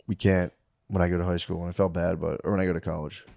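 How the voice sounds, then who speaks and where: Low-voiced man in casual podcast banter. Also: little pitch movement, quick pace, vocal fry, darkish tone. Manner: loose, laughing storytelling with put-on quotes. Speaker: podcast co-host. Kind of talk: casual chat.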